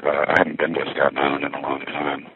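A man's voice: extremely low pitch, monotone, quick pace, a little hiss or hum. A man musing and meandering as he walks through a busy city, recording himself on a phone and a little winded. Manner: musing, meandering, self-interrupting. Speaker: vlogger. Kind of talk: rambling walking vlog. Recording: tinny phone-like recording with faint music.

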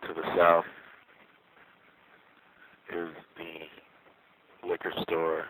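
A man's voice: low-pitched, monotone, drawn-out words, fairly bright tone, poor audio. A man at a street payphone making a rambling, self-mocking sound check through the handset. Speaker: field recordist. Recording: static-laden payphone line with street noise. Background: traffic, car alarm, subway.

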